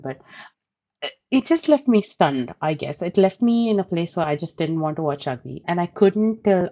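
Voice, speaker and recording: A woman from India telling personal stories in a thoughtful, reflective way, pausing and restarting as she searches for words. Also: on the low side, mellow, muffled recording. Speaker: interview guest.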